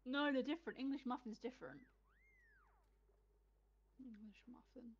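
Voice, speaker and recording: A woman with a fairly high voice chats casually and asks curious questions. Her audio sounds dull and lo-fi. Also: normal speed, breathy edge. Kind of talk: casual chat.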